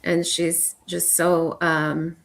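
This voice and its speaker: Deep-voiced woman hosting an interview. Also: little pitch movement, creaky. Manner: measured, thoughtful, reads viewer comments. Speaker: host. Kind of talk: casual interview talk.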